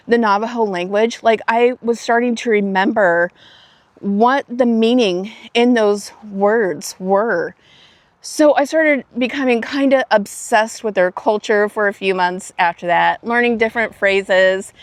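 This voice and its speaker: Woman vlogger, earnest storytelling, slow unhurried pace, dry close sound. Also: medium pitch, dry recording. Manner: earnest, emotional, with frequent fillers and restarts. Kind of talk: casual storytelling while hiking. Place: outdoors on a hiking trail.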